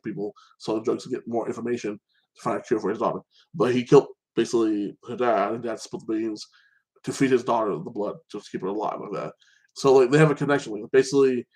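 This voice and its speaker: Heard through poor audio, a man with a mid-range voice hosts a casual show recapping and reviewing TV episodes. His talk wanders, with many restarted sentences and the phrase "like this" coming up often.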